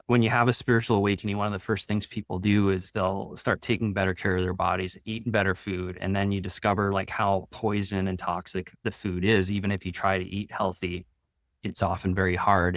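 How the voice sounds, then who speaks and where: A man talking loosely with many fillers about spiritual insights, then guiding a slow, soft meditation with long pauses. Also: deep voice, no room sound, studio quality. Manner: rambling, loose casual talk with many "like" fillers. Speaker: spiritual teacher leading a guided meditation. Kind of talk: channeled energy update and guided meditation.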